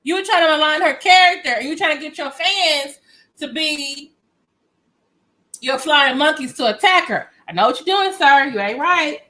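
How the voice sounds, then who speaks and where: A woman giving sassy, animated reaction commentary aimed at the viewer. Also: high-pitched, moderate pace, low-quality recording. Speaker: commentary YouTuber.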